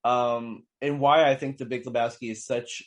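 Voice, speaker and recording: A man's medium-pitched voice, fairly even in intonation and moderate in pace, carries a casual chat about a film on the podcast he co-hosts. He rambles, with many fillers and restarts.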